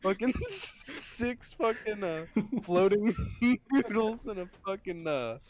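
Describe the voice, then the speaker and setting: A man's voice: high voice, very animated, slow pace, darkish tone. A young man in casual chat, telling a story full of swearing and laughing through his lines.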